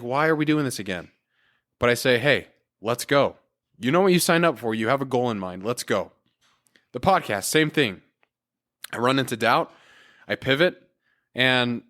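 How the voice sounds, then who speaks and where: A man's voice: mid-range voice, a bit bright. A man hosting a solo motivational podcast, talking in an earnest, encouraging and casual way with everyday fillers. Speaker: podcast host.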